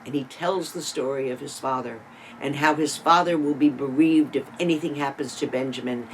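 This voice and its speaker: Torah teacher, sermon-style retelling, dramatic swings in loudness, rhetorical asides, mid-pitched voice, faint background hum. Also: fairly even intonation, moderate pace, poor audio. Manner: explains with asides and rhetorical questions.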